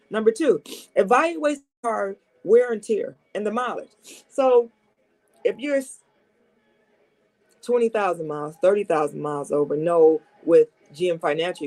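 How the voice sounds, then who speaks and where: A woman's voice: mid-range voice, darkish tone. A saleswoman talks from her desk in a dealership office, coming down with a cold and a little sniffly. She is chatty and emphatic, hammering each point home by saying it twice. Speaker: car salesperson. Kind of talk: casual advice talk to camera.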